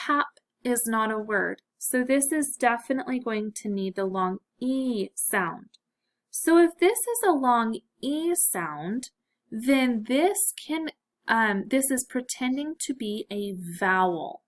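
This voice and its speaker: Slow-speaking woman teaching phonics. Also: fairly high pitch, animated, a bit bright. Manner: slow, clear, encouraging teacher talk. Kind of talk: phonics lesson for children.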